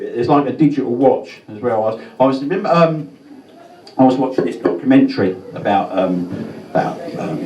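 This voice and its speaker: A man performing a stand-up comedy set in a pub, swearing often and stumbling over his words. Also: lowish voice. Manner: swears a lot, stammers and restarts. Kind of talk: stand-up routine. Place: pub function room with a live audience. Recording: roomy live pub set mic'd from a distance, loud crowd laughter.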